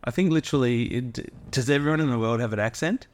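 A man's voice: mid-range voice, fast, darkish tone. An Australian man co-hosting a casual podcast, musing with playfully absurd questions. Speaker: podcast co-host. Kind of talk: casual banter.

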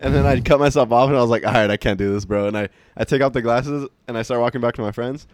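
A man's voice: medium pitch, fast talker, dry recording, studio quality. A young man telling stories in casual chat, rambling with lots of fillers and swearing.

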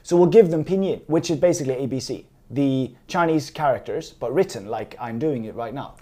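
Mellow, easygoing tutor; conversational, digressive, quick to laugh. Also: mid-range voice, lively intonation. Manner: chatty, digressive, laughs easily. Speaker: language teacher. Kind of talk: casual spoken lesson.

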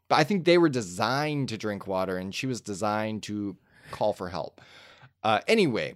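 A man's voice: on the low side, normal speed, no echo, clean studio sound. A man chatting casually about movies, rambling through a fan theory with lots of fillers. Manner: rambling, animated storytelling with fillers. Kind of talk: casual film discussion.

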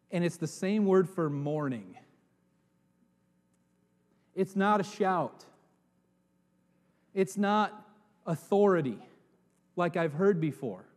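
A man preaching a sermon as pastor, swinging from hushed, drawn-out words to loud, dramatic calls. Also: high voice. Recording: long reverb in a hall.

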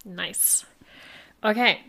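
A woman's voice: mid-range voice, drawn-out words, creaky, sharp tone. Chatty woman podcast co-host, blocked nose. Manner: chatty, laughs often, trails off mid-sentence. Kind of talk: casual chat.

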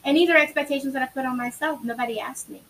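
Slightly high woman, candid co-host. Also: racing, over a noisy crowd, low-quality recording. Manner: candid, reflective storytelling. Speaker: podcast co-host. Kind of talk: casual chat.

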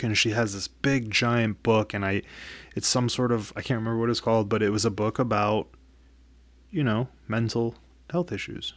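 A man's voice: mid-range voice, fairly even intonation, a bit bright, no room sound. A man telling a personal story in a casual, candid way, swearing freely and often restarting his sentences. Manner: candid, profane, halting with frequent restarts. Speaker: vlogger.

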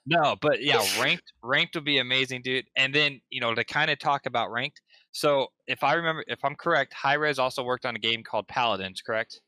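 Man, very bright sharp voice, dry close sound, rambling, joking, casual gaming chat. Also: mid-range voice, a little fast, no room sound. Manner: rambling, joking, many fillers. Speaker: gaming podcast co-host.

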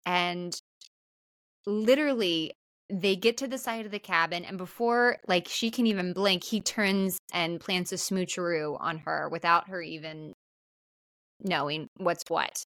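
A woman co-hosting a podcast, talking through a movie scene by scene. She is animated and jumps into higher voices to act out lines. The sound is dry and close to the mic. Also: measured pace, no echo. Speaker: podcast co-host. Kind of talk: casual film recap chat.

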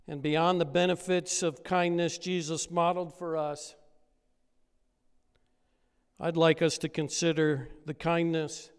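A man's voice: on the high side, clean tone. Man preaching in an echoing hall. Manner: storytelling, building to loud emphatic peaks. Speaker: pastor. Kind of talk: sermon.

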